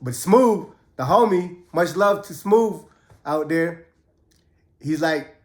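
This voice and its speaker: Man, slightly high voice, casual and profane storyteller, echoey room. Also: lively intonation, takes it slowly, pauses often. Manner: laid-back, profane, acts out quotes in a raised voice. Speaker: host telling prison stories. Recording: roomy echo.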